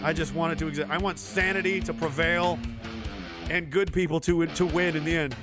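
A man with a fairly high voice hosts a casual podcast, swearing freely and slipping into sarcastic, mock-dramatic narration. Music plays clearly behind his voice throughout. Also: steady tone, a little fast. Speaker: podcast host. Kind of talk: casual livestream rant.

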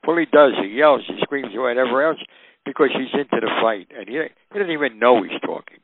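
A man's voice: mid-range voice, fairly quick, no room sound. Older man telling stories over a thin radio line. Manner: animated, acts out quoted voices. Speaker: guest storyteller. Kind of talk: recounting anecdotes. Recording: tinny phone-like radio line.

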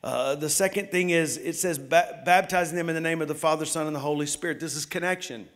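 A man preaching a fast, excited sermon as lead pastor in a church, calling out to the congregation. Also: fairly high pitch. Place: church sanctuary.

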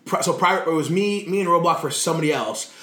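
A man being interviewed, telling stories in a lively way, swearing freely and laughing as he talks. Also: on the high side, quick pace. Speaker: guest wrestler. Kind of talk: casual interview storytelling. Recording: roomy echo.

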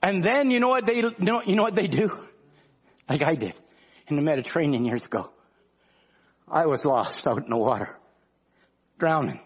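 Husky high-voiced male preacher. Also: expressive, normal speed, long pauses, highs cut off. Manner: impassioned, conversational preaching with rhetorical questions. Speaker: pastor. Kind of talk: sermon.

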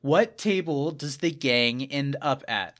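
A man co-hosting a podcast in casual trivia chat, animated and laughing often. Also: mid-range voice, slow pace. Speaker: podcast co-host.

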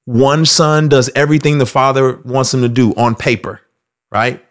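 A man hosting casual faith commentary, telling stories in an animated way and slipping into acted voices. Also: medium pitch, moderate pace. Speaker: host.

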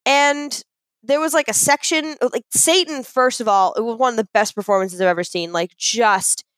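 A young adult woman co-hosting a podcast in casual chat, gushing and excitable as she tells a story. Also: a little high, normal speed, no echo. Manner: excitable, gushing storyteller, fond of self-described geeking out. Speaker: podcast co-host.

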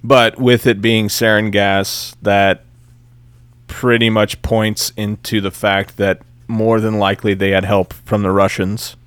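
A man co-hosting a podcast, talking politics in a measured, hedging way with filler words. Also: on the low side, flat delivery, a bit bright, clear, resonant tone, no room sound. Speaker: podcast co-host. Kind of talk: casual political chat.

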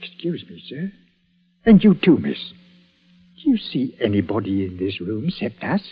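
A raspy, folksy village greengrocer. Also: male voice, fairly low pitch, sing-song, normal speed, soft background music. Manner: folksy, deferential, rustic grammar. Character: superstitious village greengrocer and church bell-ringer, man, middle-aged. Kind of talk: 1940s radio acting. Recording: dull old radio broadcast.

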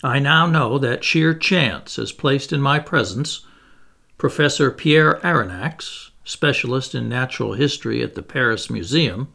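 A man reading the part of a calm, commanding ship's commander who speaks in a penetrating, precise way. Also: mid-range voice, a little slow, vocal fry, full character voice.

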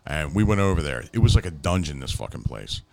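A man's voice: extremely low pitch, very animated, quick pace, vocal fry, a little mellow, slight background noise. A man hosting a podcast, telling a rambling story with fillers and frequent laughs. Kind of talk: casual chat.

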